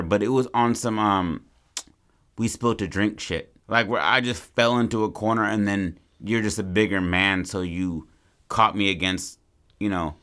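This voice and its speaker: A man's voice: lowish voice, moderate pace, a bit bright. A man co-hosting a podcast, brainstorming a story in casual, rambling, profane chat. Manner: rambling, profane, acts out characters. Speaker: podcast co-host.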